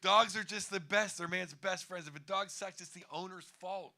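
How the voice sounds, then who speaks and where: A man's voice: high-pitched, moderate pace, gravelly, sharp tone, slight background noise. A man in his fifties doing a stand-up comedy set on a bar stage, wry and rambling, chuckling at his own jokes.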